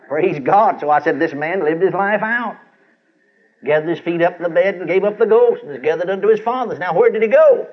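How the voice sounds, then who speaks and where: Older male preacher, husky voice, a bit high-pitched, dull old sermon tape. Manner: animated, folksy, acts out quoted voices. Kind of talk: sermon storytelling.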